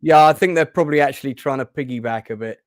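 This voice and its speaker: A chatty man hosting an interview podcast, rambling along with plenty of restarts. His voice sits at an ordinary pitch, and the recording is close and dry. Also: fast, dry recording. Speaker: podcast host. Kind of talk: casual interview chat.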